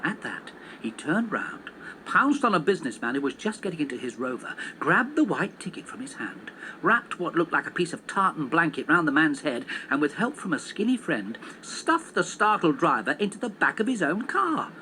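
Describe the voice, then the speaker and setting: A man reading a children's story aloud on television in an animated, expressive way. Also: a little high, normal speed, a little hiss or hum, poor audio.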